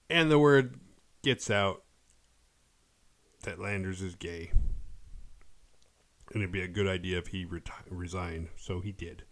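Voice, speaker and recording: A man casually recapping a horror movie on his podcast, acting out characters' lines as he goes. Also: lowish voice. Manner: animated retelling, quick quoted voices for characters.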